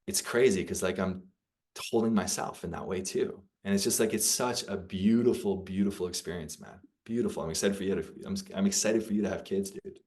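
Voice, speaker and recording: Earnest, reflective man with a low voice. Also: brisk, a little mellow. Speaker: podcast guest, personal freedom coach. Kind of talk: casual conversation.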